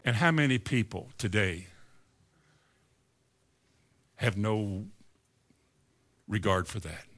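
A man preaching a fiery sermon, swinging from low musing to loud exclamations. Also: expressive, slow, pauses often, slight background noise.

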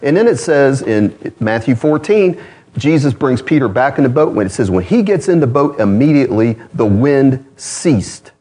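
A man preaching a sermon as pastor, conversational, with self-deprecating asides and lively swings in pitch. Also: normal speed, husky.

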